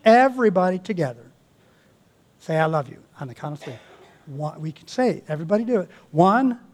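A man's voice: high voice, animated, brisk, darkish tone, a little hiss or hum. A man preaching a sermon as pastor, earnest and exhorting, asking his listeners rhetorical questions.

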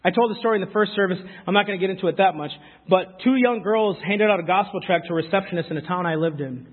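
A man preaching a sermon, animated and talking straight to the congregation with quick asides. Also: high-pitched. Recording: phone-like sound with long hall reverb.

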